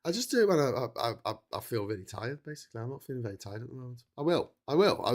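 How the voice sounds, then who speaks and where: Tired middle-aged guy rambling on his livestream, keeps cutting himself off, average pitch. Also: big pitch swings, fast, few pauses, a little mellow. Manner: rambling, self-interrupting, chatty with mock-quoted dialogue. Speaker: livestream host. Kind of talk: casual livestream chat. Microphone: streaming setup mic.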